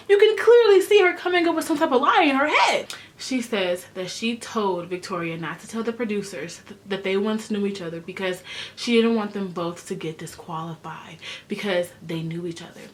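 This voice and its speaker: A young woman giving a chatty, sassy recap of a reality show, full of slang. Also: medium pitch. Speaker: recap vlogger. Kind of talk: casual TV recap.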